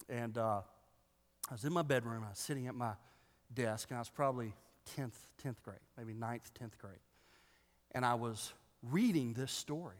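Man preaching in a reverberant hall. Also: medium pitch. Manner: animated, joking asides to the congregation. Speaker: pastor. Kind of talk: sermon.

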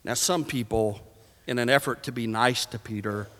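A man preaching a sermon to a live congregation, swinging from shouts to hushed tones. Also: medium pitch, normal speed, long reverb tail.

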